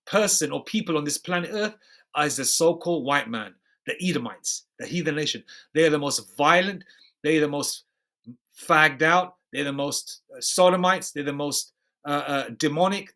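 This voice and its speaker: A man teaching a scripture study. He reads verses slowly and deliberately, then comments emphatically in loose slang, often tagging on "okay?" and "man". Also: on the high side, bright, forceful tone. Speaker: bible teacher.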